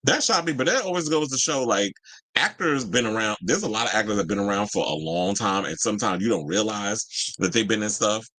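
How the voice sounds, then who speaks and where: Animated man with a bright, dry voice. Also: on the low side, fairly quick, no echo, rough recording. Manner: animated and chatty, reads and answers live chat, swears freely. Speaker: entertainment news show host. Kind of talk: casual pop-culture commentary.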